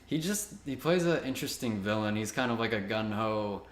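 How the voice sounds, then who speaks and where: A young man co-hosting a casual movie review chat, rambling and relaxed, laughing easily. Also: lowish voice, fairly quick. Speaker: co-host. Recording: echoey room.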